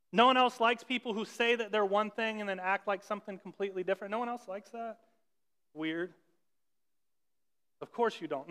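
High-voiced pastor in a reverberant hall. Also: male voice, fairly bright tone, smooth. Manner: conversational, with ironic rhetorical questions. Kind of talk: sermon. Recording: long reverb of a large hall.

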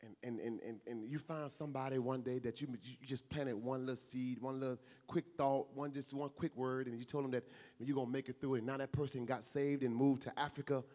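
A man's voice: mid-range voice, fairly even intonation, brisk, dark tone. Earnest male preacher in a reverberant hall. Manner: earnest, repetitive, conversational preaching with acted-out dialogue. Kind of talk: sermon.

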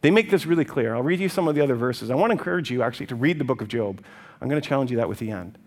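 Lively, animated male preacher. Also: medium pitch, racing. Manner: animated and conversational, often checking in with "right?". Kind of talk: sermon.

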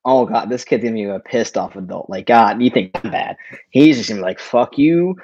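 A man co-hosting a casual online show. He tells stories in an animated way and swears a lot. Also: on the low side, fast, no echo, lo-fi sound. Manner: profane, animated storytelling. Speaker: podcast co-host. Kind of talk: casual chat.

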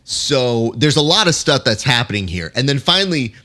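A man's voice: mid-range voice, sing-song, normal speed, pushed and bright. A man hosting a casual chat, playfully critiquing a guest's celebration and acting out quotes in silly voices. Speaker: podcast host reviewing a guest's clip.

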